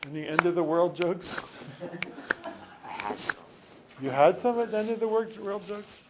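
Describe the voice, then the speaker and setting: A man's voice: sits high, fairly quick, background noise. A male teacher giving a classroom lecture, joking with students and correcting himself as he rambles.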